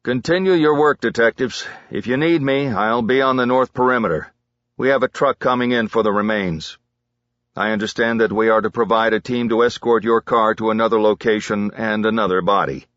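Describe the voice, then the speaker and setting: A man voicing a gruff army sergeant who barks profane orders at his soldiers. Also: fairly low pitch, a little fast, fairly bright tone, dry recording, highs cut off, natural voice. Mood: curt.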